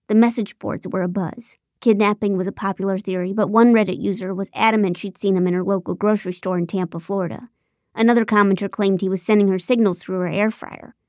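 A woman narrating a comic mystery audiobook in the first person, with a wry, deadpan, sarcastic delivery. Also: mid-range voice, no echo, clean studio sound.

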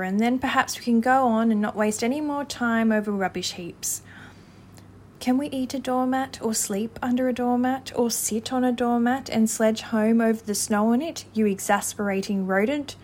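A woman's voice: fairly high pitch, normal speed, a little mellow, lightly acted. A woman voicing a peevish, complaining male mole in a storybook reading. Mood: pettish. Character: fussy, grumbling male mole.

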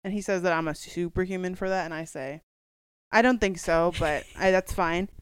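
A woman's voice: lowish voice, brisk, clear, resonant tone, no room sound. A woman co-hosting a podcast in casual chat, telling stories, acting out what others say and laughing a lot. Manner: storytelling, quotes others in lively voices, laughs a lot. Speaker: podcast co-host.

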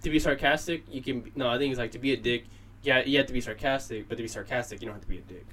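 A man's voice: medium pitch, racing, a bit bright, slight background noise. A man arguing casually with friends, questioning their points. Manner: argumentative, questioning. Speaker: friend in a group chat.

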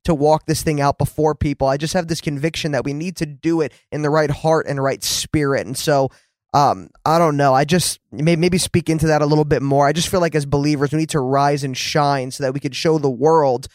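Earnest male host, higher-pitched, halting and sincere, dry close sound. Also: fairly even intonation, a little mellow, no room sound. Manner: earnest, many restarts and fillers. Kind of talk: casual faith conversation.

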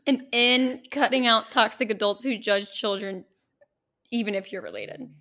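A woman from the United States co-hosting a casual chat podcast, dropping dry, quick one-liners. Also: on the high side, pushed and bright. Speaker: podcast co-host.

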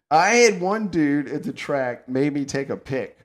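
A man from the Southern United States hosting a podcast, telling stories in a casual, animated way and laughing often. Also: fairly high pitch, slow. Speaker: podcast host. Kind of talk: casual chat.

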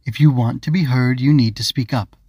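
A man's voice: medium pitch, fairly even intonation, brisk, darkish tone, slightly rough, no echo. Storybook bug creature played by a man, small, prim, fussy, formal manners, dry recording. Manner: formal and proper, calls others dear.

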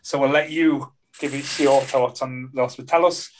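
A man hosting a casual podcast chat, relaxed and affirming, chuckling often. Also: medium pitch, moderate pace, slight background noise. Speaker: podcast host.

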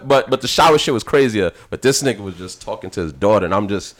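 A man telling a story in casual chat, profane and animated, his voice jumping higher for emphasis. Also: quick pace.

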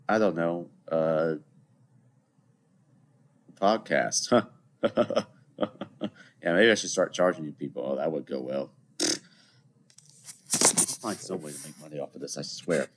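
A man in his twenties sits at a computer indoors hosting a solo podcast, rambling and joking with his listeners. His voice sits low, and there's slight hiss or hum.

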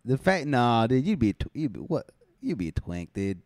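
A man's voice: mid-range voice, very animated, normal speed, a little mellow, no echo. A man co-hosting a podcast, riffing on crude jokes and laughing often. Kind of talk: crude casual banter.

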